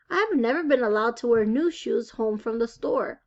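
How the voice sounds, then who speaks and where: Lady reading a kids book out loud, lively storytelling, slightly high, muffled audio. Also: moderate pace. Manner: expressive storytelling. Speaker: reader. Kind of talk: reading a children's novel aloud.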